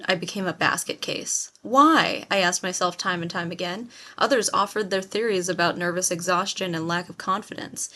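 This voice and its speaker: A woman narrating a first-person novel as an audiobook, telling it expressively. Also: on the low side. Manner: expressive storytelling with acted quotes.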